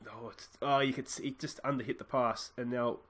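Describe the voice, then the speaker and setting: A young Australian man, pitched in the medium range, narrates his football management game a little fast for a let's play, using a desk mic. It's loose, chatty commentary where he thinks aloud about substitutions and tactics, punctuated by excited shouting at each goal.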